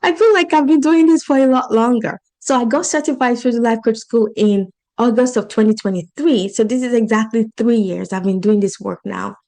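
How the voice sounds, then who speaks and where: A woman with a non-native English accent, a life coach hosting her own podcast, speaks earnestly and encouragingly straight to her listeners. Her voice is a little high and slightly mellow, moving fairly quickly with few pauses.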